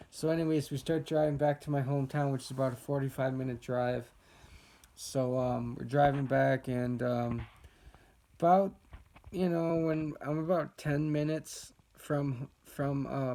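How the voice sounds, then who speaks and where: A man's voice: mid-range voice, creaky, a little mellow. A young man casually telling a personal story as a vlogger, laid-back and rambling with lots of fillers.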